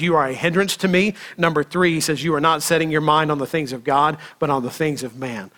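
A man preaching a sermon to his congregation, animated and full of rhetorical questions and acted-out quotes. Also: on the high side. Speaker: pastor.

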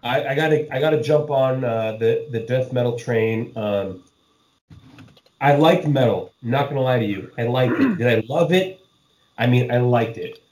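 A man co-hosting a casual podcast chat, excitable and profane, laughing often and swearing freely. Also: mid-range voice, moderate pace, echoey room, a little hiss or hum, poor audio. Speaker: podcast co-host.

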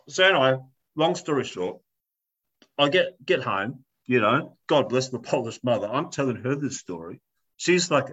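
A man's voice: mid-range voice, sing-song, normal speed, a bit bright, lo-fi sound. A man telling a story in a casual chat, ranting animatedly, swearing and acting out the people in it.

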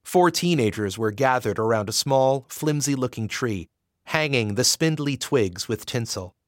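Male audiobook narrator, expressive, animated pitch, dry close sound. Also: dry recording. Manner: expressive, measured storytelling.

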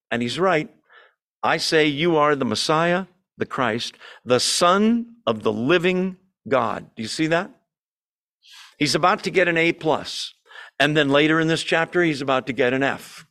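A man with a fairly high voice leads a Bible study for a small group in a church room. His teaching is conversational and lively. He keeps asking the group questions and slips in dry humor. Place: church meeting room with a Zoom audience.

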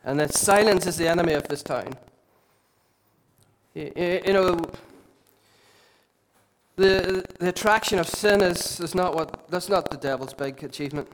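A man, a lead pastor preaching a sermon with impassioned, repetitive emphasis and quieter asides. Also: high voice, moderate pace, long pauses. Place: church hall.

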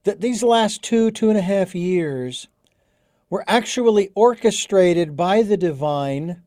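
A man hosting an interview, asking questions in a measured, reflective way. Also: high-pitched, expressive, dark tone, dry recording, studio quality.

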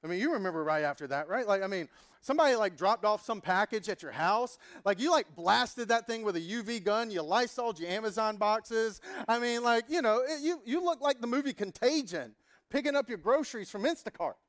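A man's voice: high voice, fairly quick. A man in his thirties, a pastor telling a humorous story in a sermon and acting out the dialogue. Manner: animated, humorous, acts out dialogue.

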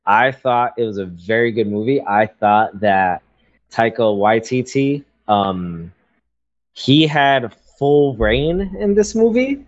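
A man co-hosting a casual podcast chat, talking hesitantly with many pauses and restarts. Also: medium pitch, animated, lo-fi sound. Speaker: podcast co-host.

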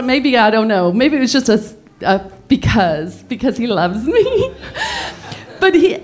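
A woman telling a comic personal story, often laughing through her words and restarting her sentences. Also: high-pitched. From Texas.

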